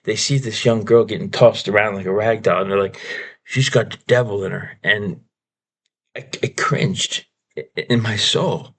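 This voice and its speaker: Casting: low-voiced man, frustrated film reviewer, ranting and stammering through a casual vlog. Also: normal speed, a bit bright. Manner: exasperated, ranting, repeats himself, stammers. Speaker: movie reviewer.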